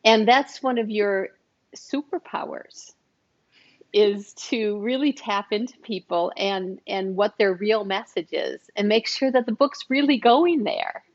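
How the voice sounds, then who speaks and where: A woman's voice: medium pitch, a little slow, hardly any pauses, lo-fi sound. A woman hosting an interview in casual chat, enthusiastic and rambling with restarts. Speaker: host.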